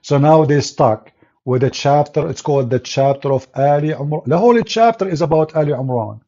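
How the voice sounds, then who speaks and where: A man's voice: on the high side, fairly quick, dark tone, dull audio. A man speaking non-native English with broken grammar, delivering mocking, emphatic religious polemic and often laughing scornfully. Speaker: religious debater.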